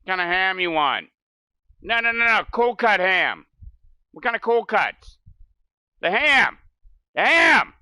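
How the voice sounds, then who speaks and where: A man putting on a pushy New Jersey deli customer, loud and insistent, repeating himself. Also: sits high, sing-song, unhurried, long pauses, smooth, no echo, studio quality, exaggerated voice.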